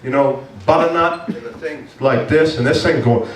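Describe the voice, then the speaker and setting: Pastor telling a story from far off. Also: male voice, on the high side, moderate pace, a little hiss or hum. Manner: animated, self-mocking, acts out his own complaints. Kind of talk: storytelling sermon. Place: church hall. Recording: echoey room from far off.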